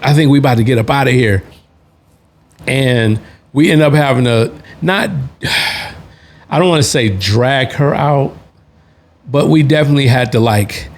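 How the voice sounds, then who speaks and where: A man spins a casual story as the host, at an everyday mid pitch. He rambles and restarts his sentences, talking in loose slang. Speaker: podcast host, Navy veteran.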